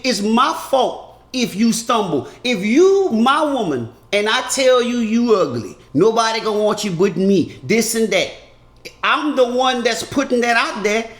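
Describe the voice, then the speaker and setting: A man doing an animated comedic monologue that turns earnest and preachy. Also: sits high, echoey room. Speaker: comedian vlogger.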